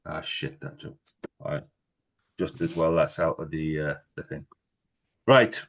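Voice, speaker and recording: A man's voice: extremely low pitch, measured pace, vocal fry, fairly bright tone. A man hosting a podcast in casual chat, rambling with fillers and restarts. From Wales. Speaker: podcast host. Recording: dull lo-fi sound.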